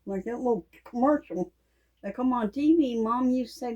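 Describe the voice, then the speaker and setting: A woman, telling folksy stories in a casual, animated way and laughing often. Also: fairly high pitch, normal speed, lo-fi sound. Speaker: Christian vlogger. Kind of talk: casual storytelling monologue.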